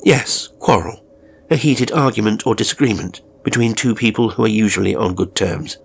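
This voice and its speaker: A man doing a soft, literal-minded male carer. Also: fairly low pitch, moderate pace, gravelly, breathy edge. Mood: placid. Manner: quiet, even and formally literal. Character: calm, soft-spoken, polite male live-in carer. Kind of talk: audio horror story reading.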